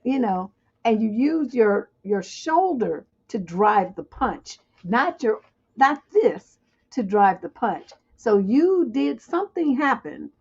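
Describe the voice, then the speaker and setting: A woman's voice: mid-range voice, a little mellow, husky, muffled recording. A woman hosting a livestream advice show, reading viewer questions aloud and answering them with blunt, joking frankness. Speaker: relationship advice host.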